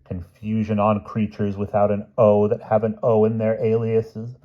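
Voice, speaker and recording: A man's voice: monotone, normal speed, lo-fi sound, close to an everyday voice. A man voicing a lost, frightened male villain who yelps indignant legal jargon. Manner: shrill, pleading, indignant outbursts. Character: panicky lost adult male villain spouting lawyer talk.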